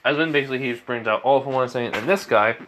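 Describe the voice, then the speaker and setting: A man's voice: mid-range voice, fast, fairly bright tone, slight background noise. A young man improvising a fan fiction story aloud, rambling with many fillers and restarts.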